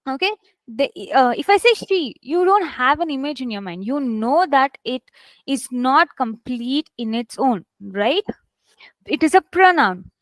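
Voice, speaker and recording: A woman with a high voice teaches a live online English class. She speaks close to the mic in a dry, dead-sounding space, leaning hard on key words as she demonstrates them. She checks in with her students often. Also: sing-song, measured pace, fairly bright tone, dry recording. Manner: explains with examples, often checks with "right?"; stresses words heavily to demonstrate. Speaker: English test instructor.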